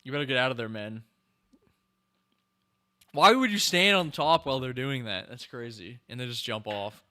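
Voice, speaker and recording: Excitable young man reacting to a film. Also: mid-range voice, normal speed. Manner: excitable, exclaims and talks back to the screen. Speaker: podcast host. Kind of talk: casual movie reaction commentary.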